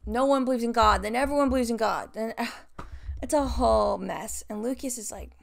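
A young woman hosting a commentary video, recapping with sarcastic, deadpan asides. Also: fairly high pitch, a little fast, gravelly. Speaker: video essay host.

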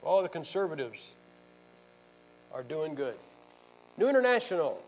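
A male pastor leads a Bible class in a combative, sarcastic way, firing questions at his listeners. His voice sits fairly high for a man. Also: big pitch swings, normal speed, poor audio. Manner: combative, sarcastic, quizzes the audience.

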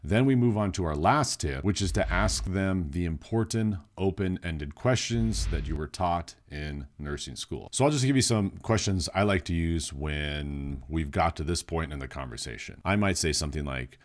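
A man's voice: sits low, expressive, normal speed, few pauses. A man who works as a nurse in behavioral health, explaining in a casual, plain-spoken way. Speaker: psychiatric nurse. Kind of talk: instructional video talk.

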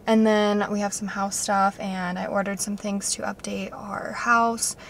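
A young woman chats to her vlog viewers, excitable and rambling as she runs through her week's plans. Her voice sits in an everyday middle pitch. There is a faint bit of background noise. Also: measured pace, creaky. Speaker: vlogger. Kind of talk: casual vlog chat.

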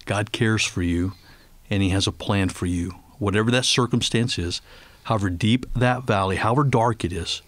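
Middle-aged man, low voice, earnest radio guest, dry studio sound. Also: no room sound. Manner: earnest, slow and tender when praying aloud. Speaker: ministry leader and guest. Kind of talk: faith radio interview.

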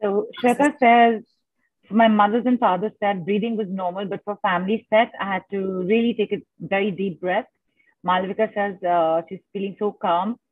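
A woman's voice: mid-range voice, steady tone, normal speed, no echo. A woman hosting an online summit, reading out audience comments in a chatty, teasing way over a video call. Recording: dry phone-like call audio.

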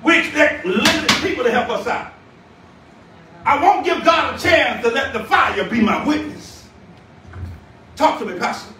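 A man preaching a sermon as bishop, shouting and calling out to the congregation, recorded from a distance in a church. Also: very high voice, expressive, normal speed, background noise. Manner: shouting, call-and-response preaching. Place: church sanctuary. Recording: echoey church room, distant mic.

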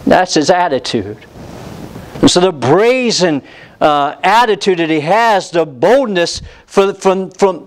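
A man's voice: fairly high pitch, poor audio. A pastor preaching an impassioned sermon, acting out the voices of the people in the story he tells.

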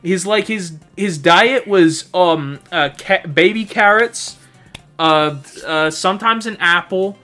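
A man's voice: high-pitched, slow pace, pushed and bright, faint music behind. A man co-hosting a crude comedy gaming show, rambling through profane tall tales. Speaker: co-host.

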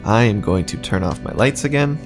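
A man's voice: lowish voice, expressive, a little fast, music in the background. A man streaming a horror game, chatting casually and reacting aloud as he plays, swearing now and then. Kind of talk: casual gameplay commentary.

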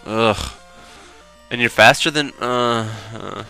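A man's voice: lowish voice, measured pace, sharp tone, clean tone, faint music behind. A young man doing gameplay commentary, swearing and groaning whenever the game turns against him. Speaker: let's play commentator.

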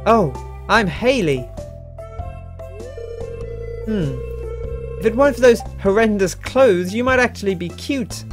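A man's voice: high voice, lively intonation, takes it slowly, long pauses, soft background music, voice pushed up. Haley, a man doing a snooty young woman. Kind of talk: reading game dialogue aloud.

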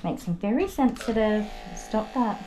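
A woman's voice: mid-range voice, lively intonation, measured pace, background noise. Woman, dog groomer, soothing repetitive praise, chatty asides, echoey room, faint clipper buzz. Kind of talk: talking to a dog while grooming, asides to viewers. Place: grooming salon. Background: electric clippers buzzing.

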